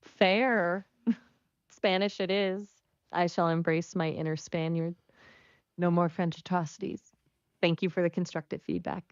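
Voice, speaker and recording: A synthetic woman's voice of an AI chat companion, replying in a polite, measured, slightly formal way. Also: lowish voice, fairly even intonation, dry recording. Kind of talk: conversational AI reply. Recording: dull, lo-fi sound.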